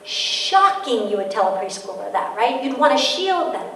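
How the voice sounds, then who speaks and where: A woman giving a parenting talk as an author, telling lively stories and acting out the quotes in them. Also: on the high side, moderate pace, slight background noise. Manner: lively storytelling, acts out quotes. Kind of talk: public lecture. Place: large hall with audience. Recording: echoey hall, distant mic.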